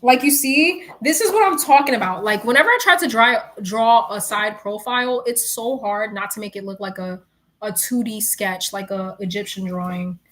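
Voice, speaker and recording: Bright-voiced chatty New York woman. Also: mid-range voice, normal speed. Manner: chatty, slangy, laughs often, animated storytelling. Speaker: streamer. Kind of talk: casual chat.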